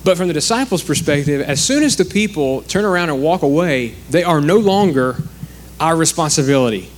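A man's voice: a little high, expressive, a little fast, a little hiss or hum. A man preaching a sermon in a conversational way, acting out the quoted speakers.

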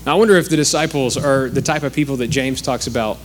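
A man's voice: mid-range voice, quick pace, slight background noise. A man preaching a sermon in a conversational way, acting out the quoted speakers.

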